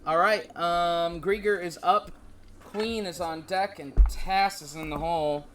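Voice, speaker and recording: A man running a live tabletop game as dungeon master, narrating the action and briskly making rulings. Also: sits high, steady tone, a bit bright, soft background music. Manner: brisk, directing turns and rulings.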